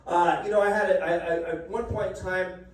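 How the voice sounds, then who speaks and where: Rambling, profane stand-up comedian, high voice. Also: male voice, fairly even intonation, normal speed. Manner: rambling, profane, stumbling over words. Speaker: open mic comedian. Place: coffee shop open mic. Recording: echoey room from far off.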